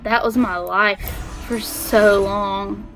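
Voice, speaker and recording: A woman's voice: mid-range voice, fairly even intonation, takes it slowly, a bit bright, soft background music. A young woman from Alabama with a Southern accent, chatting in a bubbly, giggly way while she streams a game. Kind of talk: casual gaming livestream chat.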